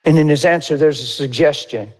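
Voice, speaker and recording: A middle-aged man preaching a sermon, telling stories and acting out other people's voices in high squeals. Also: brisk, a little mellow.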